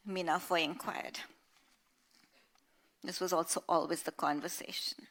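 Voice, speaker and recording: A woman's voice: lowish voice, fairly even intonation, normal speed, fairly bright tone. Woman author reading her novel aloud.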